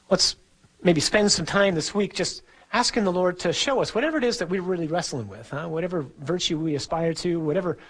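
A middle-aged priest with a husky, fairly high-pitched voice gives an earnest, conversational sermon, chuckling now and then. The recording is low quality.

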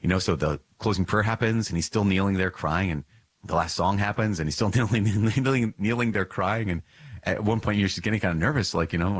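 Male podcast host with a slightly husky voice, reading and reflecting on a religious text in an earnest, emphatic way. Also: sits low, fairly quick, fairly bright tone, dry recording, poor audio. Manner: earnest, repeats key phrases for emphasis.

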